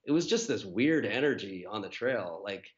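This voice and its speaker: A man's voice: lowish voice, animated, moderate pace, dull audio. A man, a guest on a running podcast, telling his race story in a casual, rambling way with many fillers and restarts.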